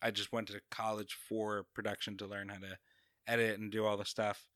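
A man's voice: on the low side, little pitch movement, brisk, a bit bright, no room sound, clean studio sound. A young man from Long Island with a New York accent, chatting as a podcast guest in a rambling way full of restarts. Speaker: guest comedian. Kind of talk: casual podcast chat.

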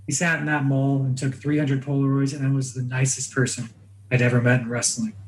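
A man spins casual, profane wrestling anecdotes in a mid-pitched voice, dropping into quick impressions along the way. A faint hiss sits under the recording. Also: little pitch movement, rough recording. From Iranian family. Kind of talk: casual storytelling chat.

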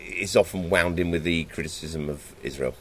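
A man's voice: sits low, moderate pace, a little hiss or hum. A man chatting casually and thoughtfully, often stumbling and repeating his words. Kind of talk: casual conversation.

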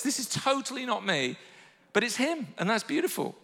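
A male pastor preaching with a high, bright voice. His delivery swings between quiet reflection and loud, fervent calls to the congregation, all carried on the long reverb of a church hall. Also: big pitch swings, normal speed, gravelly. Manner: passionate preaching, rising to shouted calls to the online congregation. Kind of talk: sermon.

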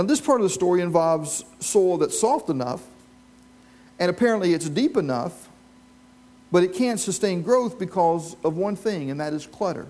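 A pastor whose voice sits high and is a little mellow gives a sermon in church before a live congregation. He tells stories and poses questions to the congregation.

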